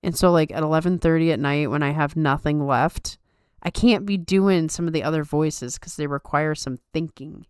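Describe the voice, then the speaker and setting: A woman's voice: deep voice, normal speed, darkish tone, smooth, no echo, clean studio sound. A woman hosting a casual live-stream chat, upbeat and chatty, reading comments aloud, tired late at night. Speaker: podcast host.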